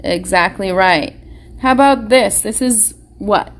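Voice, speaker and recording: A woman's voice: mid-range voice, slow. A woman teacher giving a live online phonics lesson to young children, patient and encouraging, asking them question after question.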